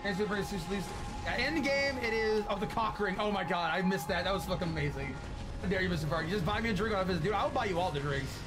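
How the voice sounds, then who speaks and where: Streamer, male, late 20s: high, bouncy voice, swears a lot, game music under it. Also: a little fast. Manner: excitable and profane, swinging between loud outbursts and soft thanks. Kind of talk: casual live-stream chat while gaming.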